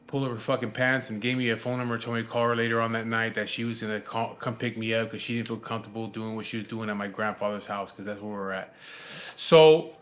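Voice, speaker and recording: A man's voice: on the low side, fairly even intonation, fast, hardly any pauses, a bit bright. Rambling, profane middle-aged man telling stories. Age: 40s. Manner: rambling, profane, lots of fillers and restarts. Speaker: show host telling a personal story. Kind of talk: casual storytelling chat.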